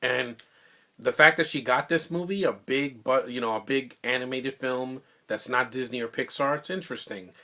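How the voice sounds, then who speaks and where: A man talking casually into a phone mic, giving a rambling, excitable movie review full of restarts. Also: medium pitch, moderate pace.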